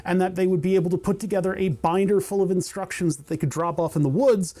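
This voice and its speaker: A man's voice: high-pitched, fairly even intonation, fast, dark tone. A middle-aged man hosting a casual livestream while soldering, rambling with lots of fillers and restarts and laughing at himself, from a home workshop. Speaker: livestream host.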